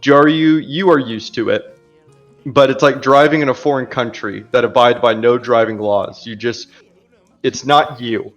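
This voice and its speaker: A man narrating a tabletop role-playing game as game master, in a relaxed, chatty way. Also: medium pitch, measured pace, lo-fi sound, faint music behind. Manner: relaxed and chatty, laughs easily.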